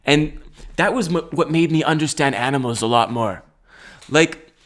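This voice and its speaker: A man's voice: medium pitch, a bit bright. A man in his twenties hosting a solo podcast, talking in a rambling, jokey way, often laughing and swearing casually. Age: 20s. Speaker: podcast host. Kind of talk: solo comedic podcast monologue.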